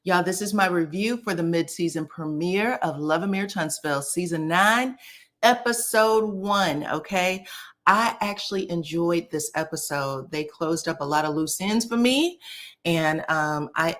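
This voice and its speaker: A young woman reviewing reality TV on YouTube recaps an episode in a casual, slangy, animated way, acting out the quotes she retells. Her voice sits on the low side and she takes her time.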